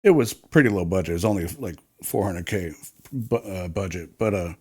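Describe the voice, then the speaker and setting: Man, ex-film crew, slightly low voice, casual profane raconteur. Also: lively intonation, a little fast, a little mellow, slightly rough. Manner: swearing, rambling storyteller. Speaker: former film crew worker. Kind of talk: casual podcast chat.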